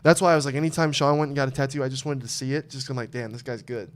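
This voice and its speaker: A man's voice: medium pitch, steady tone, very fast, smooth. A man hosting a podcast, telling rambling stories in loose, profane casual chat. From Arizona. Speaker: podcast host.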